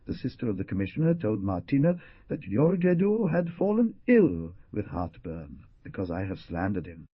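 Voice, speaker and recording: A man's voice: on the low side, sing-song, moderate pace, breathy edge, no echo, dull audio. A man voicing Columba, a distressed young village bride, with an anxious, plaintive delivery in an audiobook reading.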